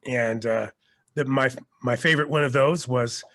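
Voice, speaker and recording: Casual male guest, chatty storyteller, middle-pitched everyday voice. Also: normal speed. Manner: rambling storyteller, lively, often restarts. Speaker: guest, actor and teacher. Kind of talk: casual podcast interview.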